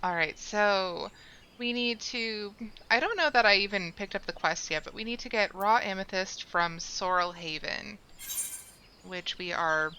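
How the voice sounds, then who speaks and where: Chatty woman streamer, bright voice. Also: mid-range voice, a little slow, highs cut off, slight background noise. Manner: chatty, rambling, self-correcting. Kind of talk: casual gameplay commentary.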